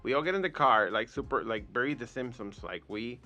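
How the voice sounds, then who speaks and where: Animated, profane man telling stories. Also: mid-range voice, brisk, soft background music. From Puerto Rico. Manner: profane, animated storytelling with acted quotes. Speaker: podcast guest. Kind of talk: casual storytelling.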